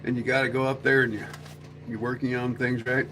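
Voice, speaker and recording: A man's voice: mid-range voice, little pitch movement, a little fast, background noise. A man hosting a casual livestream chat, rambling and joking, often slipping into silly voices. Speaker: livestream host.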